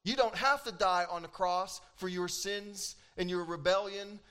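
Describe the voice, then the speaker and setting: A man preaching a sermon as pastor, animated and emphatic, acting out quoted lines with dramatic pauses. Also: high voice, smooth.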